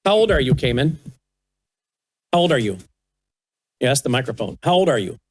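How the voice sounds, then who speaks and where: An older man, the host, gently coaxing and baby-talking with a small child at a studio news desk. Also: mid-range voice, sing-song, moderate pace. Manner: soft coaxing baby talk. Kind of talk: casual chat with a toddler on air.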